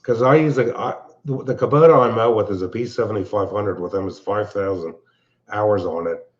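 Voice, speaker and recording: Low-voiced man on a dull line. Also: brisk. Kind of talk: casual live stream chat.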